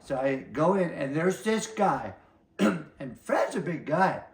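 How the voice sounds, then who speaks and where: A man's voice: fairly high pitch, very animated, takes it slowly, gravelly. An older man, a martial arts master, casually telling long anecdotes in an interview and acting out other people's lines as he goes. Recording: roomy echo.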